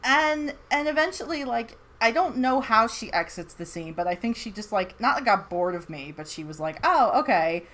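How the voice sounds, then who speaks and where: A woman's voice: a little high, normal speed, hardly any pauses, fairly bright tone. A woman chatting casually about a character from a tabletop game, giggling often and acting out quotes. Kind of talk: casual chat.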